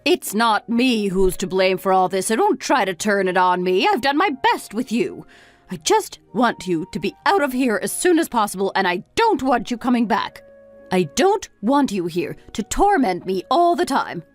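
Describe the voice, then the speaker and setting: A woman's voice: mid-range voice, very animated, normal speed, soft background music, natural voice. A woman voicing a weary middle-aged mother who lectures her grown son reproachfully. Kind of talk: story narration dialogue.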